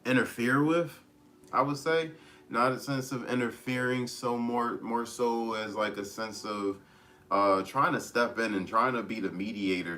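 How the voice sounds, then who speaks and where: Man, tarot reader, casual reading, bright forceful voice, lowish pitch, rambling restarts. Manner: rambling, with many restarts and repeats; gently advising, speaking straight to listeners.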